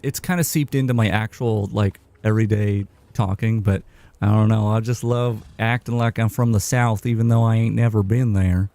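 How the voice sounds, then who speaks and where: A man streaming a game live, chatting casually in a rambling, halting way. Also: lowish voice, steady tone, warm tone. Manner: rambling, halting, with many restarts and fillers.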